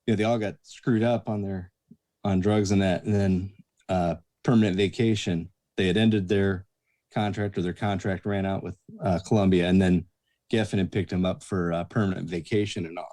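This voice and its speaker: A man, a bartender guest telling lively bar stories and acting out the people in them. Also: low-pitched, moderate pace. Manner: animated anecdotes, acts out quoted voices. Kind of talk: casual storytelling chat.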